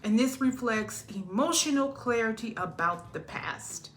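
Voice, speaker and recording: A woman's voice: a little high, animated, a little slow, slight background noise. A woman giving a casual tarot reading in a chatty way, laughing often and drifting off topic. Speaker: tarot reader.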